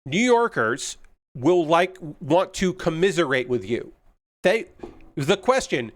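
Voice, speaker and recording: High-voiced and unhurried, this live-stream host lets his pitch swing widely. He rambles through anecdotes, constantly filling gaps with ums and uhs.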